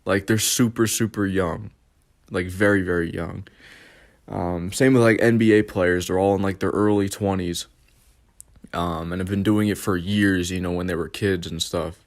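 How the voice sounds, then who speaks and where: A young man with a lowish voice rambles through a casual storytime for his vlog. He leans on constant fillers and curses freely, drifting from point to point. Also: fairly even intonation, moderate pace. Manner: rambling, filler-heavy, profane. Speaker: vlogger.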